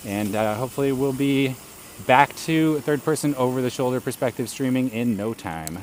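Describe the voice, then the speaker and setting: A man streams live from his bike outdoors, talking casually in a medium-pitched, slightly mellow voice at a moderate pace. He often laughs and greets viewers, and the bike-mounted camera rig records slight background noise.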